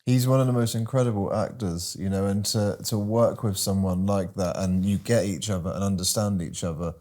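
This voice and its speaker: A man hosting an interview, admiring and asking his guest gentle questions. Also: sits low, fairly even intonation, fairly quick. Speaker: interview host. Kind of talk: interview chat.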